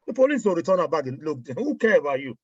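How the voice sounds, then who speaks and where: A man's voice: on the high side, fast talker, husky, dry recording. A man with a Nigerian accent in casual chat, telling stories and mixing in pidgin phrases. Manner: mixes in pidgin, animated storytelling. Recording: dry, muffled audio.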